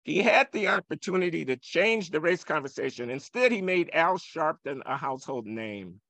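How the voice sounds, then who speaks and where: Older man, high gravelly voice, emphatic and provocative, dry close sound. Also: lively intonation, moderate pace, bright, forceful tone, no echo. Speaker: economist guest. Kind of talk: heated interview argument.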